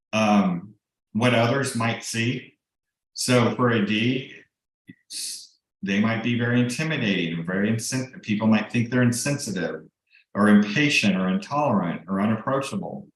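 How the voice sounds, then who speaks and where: A middle-aged man, a real estate broker and coach, giving a casual, explanatory team training with frequent ums and restarts over a video call. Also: mid-range voice. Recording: very echoey room.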